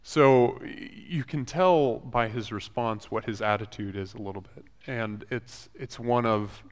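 Man teaching a Bible story in a reverberant hall. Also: medium pitch. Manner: conversational, retells scripture in paraphrase with halting restarts. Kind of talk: casual Bible lesson.

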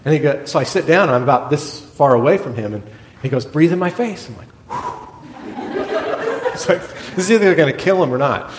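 A middle-aged man preaching a sermon, telling a hospital story in a lively way and acting out the other people's lines. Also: brisk, long pauses. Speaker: pastor, former hospital chaplain. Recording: echoey hall with a faint rumble.

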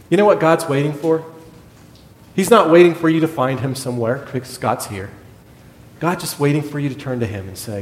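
Animated storytelling pastor in an echoey hall. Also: male voice. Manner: animated storyteller, acts out other people's lines. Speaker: pastor, former hospital chaplain. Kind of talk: sermon storytelling. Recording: echoey hall with a faint rumble.

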